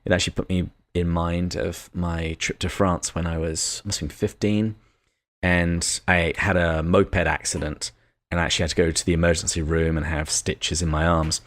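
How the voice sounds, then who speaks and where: A British man co-hosting a podcast, talking through a novel in a measured way and reading passages aloud. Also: low voice, little pitch movement. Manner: measured, reads quotations aloud. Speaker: podcast co-host. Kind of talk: casual book discussion.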